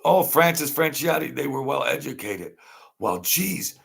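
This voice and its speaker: Gravelly rambling man talking off the cuff. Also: medium pitch, a little slow. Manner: rambling, animated, laughs often. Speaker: channel host. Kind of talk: unscripted live-stream chat.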